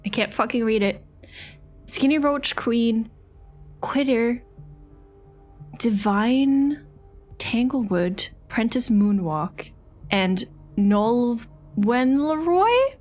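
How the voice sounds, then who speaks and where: Young woman, streamer, excitable, swears a lot, casual chat to viewers, faint music behind. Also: a little high, very slow, pauses often. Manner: excitable, swears freely, thanks chat by name. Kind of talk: casual live-stream chatter while playing.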